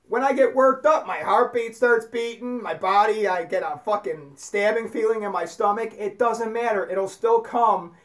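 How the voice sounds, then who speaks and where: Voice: medium pitch, fairly bright tone. A speaker delivers a spiritual talk as an emphatic, profanity-laced rant. The speaker hammers each point with swearing and blunt repetition. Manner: emphatic, ranting, heavy swearing.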